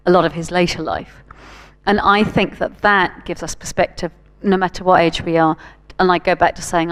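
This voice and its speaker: A woman writer speaking on a conference panel, blunt and forthright. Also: lowish voice.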